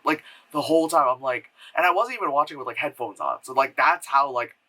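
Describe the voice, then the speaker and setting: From a home room where an air purifier hums, a man gives a casual spoken film review, rambling with lots of fillers and acting out quotes in mocking voices. His mid-range voice is pushed and bright, his pace fairly quick, and the recording rough.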